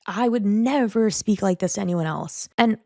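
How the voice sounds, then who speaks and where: A woman's voice: medium pitch, moderate pace, vocal fry, darkish tone, no echo, studio quality. A young woman vlogging a candid, rambling personal monologue, full of "like" fillers. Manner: rambling, frequent "like" fillers, self-critical venting.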